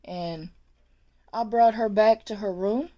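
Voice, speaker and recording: Slow-talking woman telling a story. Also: medium pitch, highs cut off. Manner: chatty, laughs often, repeats words as she goes. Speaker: former nursing aide telling a story. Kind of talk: casual storytelling vlog.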